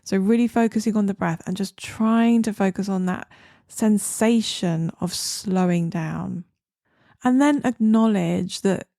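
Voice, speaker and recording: Aussie lady psychologist, soothing podcast advice, a bit of fry, slips into a whisper now and then. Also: mid-range voice, no room sound, studio quality. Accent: Australian. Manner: calm, soothing, slows down and drops to a whisper on key words.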